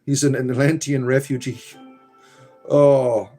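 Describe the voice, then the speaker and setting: A man with a mid-range voice hosts a relaxed live stream, reading out comments and tossing off dry, wry asides. He drifts into low mutters between messages. Faint music plays in the background. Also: slow. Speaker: livestream host reading chat. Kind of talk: casual live-stream chat.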